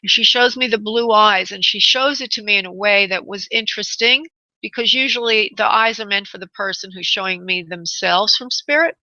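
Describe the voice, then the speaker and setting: A woman's voice: mid-range voice, brisk, sharp tone, dry recording, muffled recording. A woman hosting a live radio psychic reading, tender and affectionate and calling her callers honey and sweetheart. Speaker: psychic medium and radio host.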